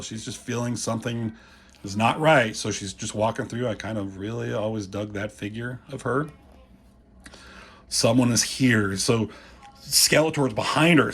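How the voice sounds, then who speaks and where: With a husky, mid-range voice, a man casually pages through comics, rambling and swearing as he goes. He acts out the characters' lines along the way in loose, offhand commentary.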